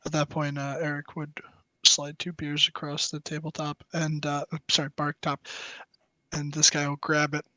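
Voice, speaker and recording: A man's voice: a little high, monotone, moderate pace, bright, forceful tone, dry recording, poor audio. A young man narrating as game master, rambling with many fillers.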